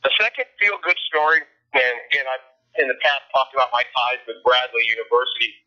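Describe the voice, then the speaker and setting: A man's voice: mid-range voice, brisk, sharp tone. A man talking as a guest on a sports podcast, enthusiastic and stumbling over repeated words. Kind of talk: casual sports podcast chat. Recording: tinny phone line.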